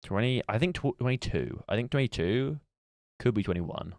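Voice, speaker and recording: A man's voice: mid-range voice, animated, moderate pace, darkish tone, dry recording. A man streaming live, chatting casually and thinking aloud as he works through a guessing game. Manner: musing aloud while playing a guessing game. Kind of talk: casual livestream chat.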